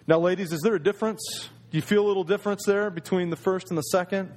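A man's voice: high voice, animated, quick pace, few pauses, a little mellow. A man preaching a sermon in a conversational storytelling way, acting out the voices of people in his stories. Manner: storytelling, acts out quoted voices.

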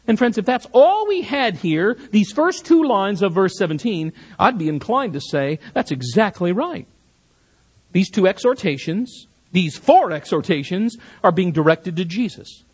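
A man's voice: high voice, slightly rough. A male pastor preaching an expository sermon, emphatic and rising sharply on repeated commands.

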